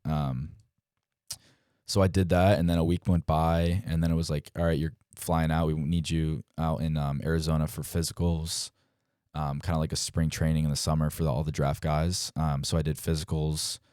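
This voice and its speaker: A podcast guest in his twenties who plays pro baseball tells casual stories at normal speed, his bass voice clear and resonant. Animated, he acts out quoted dialogue and says "like" a lot. The studio-quality audio has no echo.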